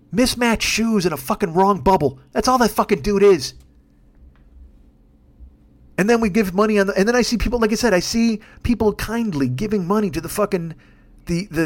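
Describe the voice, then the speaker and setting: A man in his fifties holds forth alone on his podcast. His voice sits high for a man, and the words tumble out quickly. The rant is fired up and laced with constant swearing. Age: 50s. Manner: heavy swearing, fired-up ranting. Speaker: podcast host. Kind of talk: solo ranting monologue.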